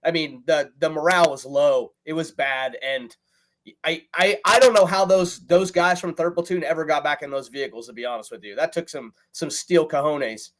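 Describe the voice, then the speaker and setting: A man's voice: on the high side, normal speed, poor audio. A male veteran and author telling his unit's war story in an earnest, matter-of-fact way as a guest. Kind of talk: storytelling in casual chat.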